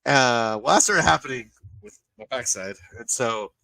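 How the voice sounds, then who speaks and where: A man on a podcast, telling a crude story in a loose, animated way. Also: medium pitch, moderate pace, creaky, dry recording, far from the mic, poor audio. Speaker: podcast co-host. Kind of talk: casual storytelling.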